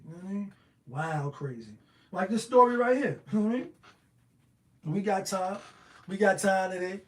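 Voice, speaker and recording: High-voiced man in casual streetwise commentary. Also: darkish tone, low-quality recording. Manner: loose streetwise talk with many "you know what I mean". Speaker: commentary host.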